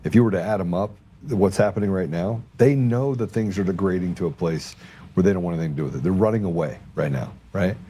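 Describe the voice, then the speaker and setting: A man hosts a casual political talk show in a low, dark, mellow voice. He rambles, restarts and repeats words, with a sarcastic edge. Faint background noise sits under him. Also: fast. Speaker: podcast host.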